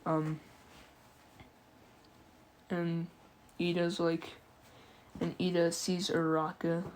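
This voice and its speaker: A woman's voice: lowish voice, flat delivery, drawn-out words. A sleepy woman telling a fan story in a casual, slangy, drawling way with many fillers.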